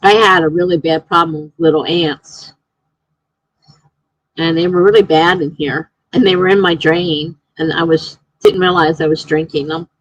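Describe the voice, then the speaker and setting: A woman live-streaming from home, chatting casually, reading viewer comments aloud and telling excitable stories. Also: sits low, normal speed, no echo, highs cut off.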